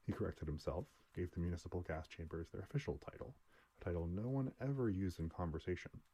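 A man narrating a story aloud in a steady, dry storytelling voice. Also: deep voice, fast talker, husky. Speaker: audiobook narrator. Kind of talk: scripted narration.

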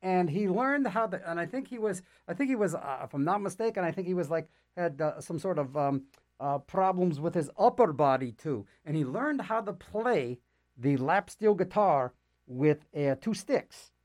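A man's voice: high-pitched, lively intonation, moderate pace, a little mellow. A man hosting a radio show, chatting casually between records and reading public service announcements with rambling, jokey asides and lots of fillers.

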